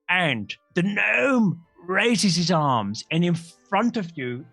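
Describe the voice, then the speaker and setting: A man's voice: sits high, sing-song, slow, creaky, hardly any pauses, bright, forceful tone, no echo, faint music behind. Rambling man running a game. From Australia. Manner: rambling, self-mocking, stumbles over words. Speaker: game master. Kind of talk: narrating a tabletop game.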